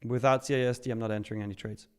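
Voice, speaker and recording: This Swiss trading streamer talks rapid-fire in a medium-pitched, steady voice that's a little mellow and smooth. He's upbeat and chatty, reading chat aloud live and getting hyped by milestones.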